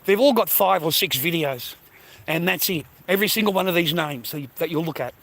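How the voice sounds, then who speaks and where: A walking Australian vlogger talks animatedly and a little fast to his phone in a loose ramble, swearing freely and using mate and bro. His voice is on the high side and a bit bright, captured in a low-quality recording.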